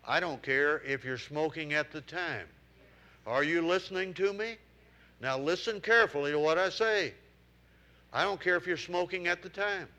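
A man's voice: fairly high pitch, normal speed, pushed and bright. A male preacher delivering a sermon to a congregation, exhorting with emphatic repetition. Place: room with congregation.

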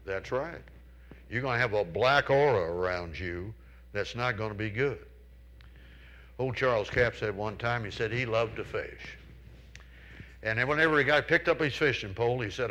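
Bright-voiced male preacher telling folksy stories. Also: mid-range voice, moderate pace, rough recording. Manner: folksy storytelling, asks the congregation questions; acts out characters in raised voices. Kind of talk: sermon.

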